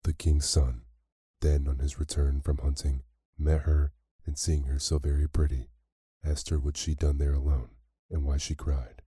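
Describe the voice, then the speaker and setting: A man narrating a classic fairy tale as a slow, soothing bedtime story. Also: extremely low pitch, level tone, slightly rough, dry recording, studio quality. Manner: slow, soft, soothing reading.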